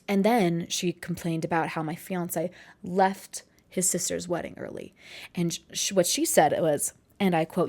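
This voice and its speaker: A woman in her twenties tells a story to her vlog audience in a slightly low voice. She rambles along in a chatty way, full of asides and quick corrections. It sounds like an easygoing, personal storytime. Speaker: vlogger.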